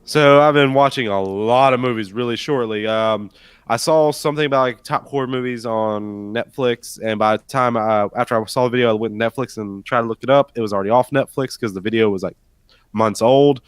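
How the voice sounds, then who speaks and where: A man's voice: medium pitch, fairly quick, clean tone, dry recording. A man co-hosting a podcast, chatting in a laid-back, rambling way and swearing casually. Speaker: podcast co-host.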